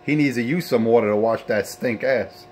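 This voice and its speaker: A man's voice: medium pitch, normal speed, a little mellow, a little hiss or hum. A man hosting his own CB radio show, taunting rivals and preaching in a boastful way. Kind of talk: trash-talking radio sign-off.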